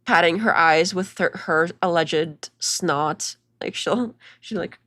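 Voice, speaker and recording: A woman's voice: fairly low pitch, slow, fairly bright tone, no room sound, studio quality. A young woman hosting a casual commentary video, chatty and mocking, talking over clips with lots of "like" and restarts.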